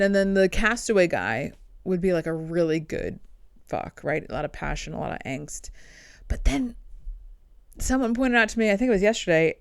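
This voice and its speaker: A woman podcast host and comedian riffing in a dark, irreverent comedic monologue. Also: on the low side, big pitch swings, moderate pace, creaky, clean tone, no echo, studio quality. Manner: dark, irreverent joking with frequent laughs.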